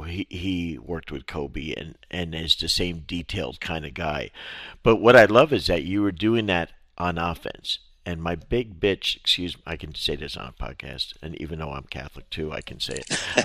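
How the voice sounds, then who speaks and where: Very deep-voiced man hosting a podcast. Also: a bit bright, no echo, clean studio sound. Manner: rambling, many "you know" fillers. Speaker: podcast host. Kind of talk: casual interview chat.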